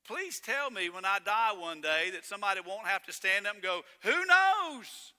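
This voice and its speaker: A man preaching a sermon as pastor, swinging between loud emphatic lines and hushed ones. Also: high-pitched, fairly quick, clean tone, long reverb tail.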